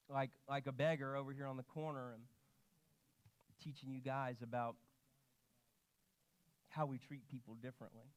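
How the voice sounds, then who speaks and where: A pastor delivers a lively sermon in a church, his voice pitched a little high for a man. He tells stories with animated energy and acts out the people he quotes. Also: clean tone. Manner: animated storytelling, quoting himself and others. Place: church sanctuary.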